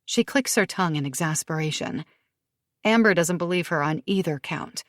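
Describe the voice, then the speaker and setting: A woman narrating a thriller audiobook in a steady, measured way, recorded close to the mic. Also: lowish voice, dry recording.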